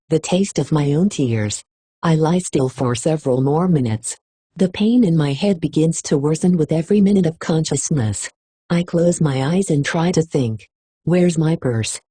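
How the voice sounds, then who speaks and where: Female audiobook reader with a husky, dry close sound and emotional first-person delivery. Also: sits low, mellow, no room sound. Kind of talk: expressive audiobook narration.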